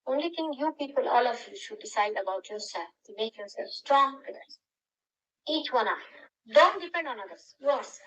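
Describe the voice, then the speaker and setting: Bright high-voiced older woman teaching. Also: lively intonation, moderate pace, poor audio. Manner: instructive, directive. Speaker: spiritual teacher. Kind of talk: spiritual talk to followers.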